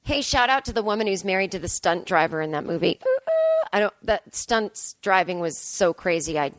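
With a lowish voice that runs a little fast and has no echo, a young woman comedian hosts her podcast. She tells a rambling, filler-heavy story at her own expense in a casual monologue.

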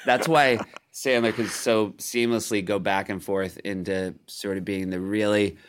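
A middle-aged man as a guest comedian in casual podcast chat, wry and quick, growing animated when he makes a point. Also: fairly low pitch, clear, resonant tone.

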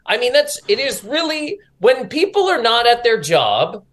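A man's voice: extremely high pitch, big pitch swings, moderate pace, fairly bright tone, slight background noise. A man guesting on a comedy podcast, riffing bluntly and emphatically with swearing. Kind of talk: casual comedy podcast chat.

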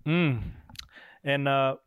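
A man hosts a podcast and chats casually, spinning animated stories with the odd swear word. His voice sits at an ordinary pitch. The studio sound is dry and close. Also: drawn-out words, smooth, no echo, phone-quality sound. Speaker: podcast host and race driver. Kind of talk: casual chat.

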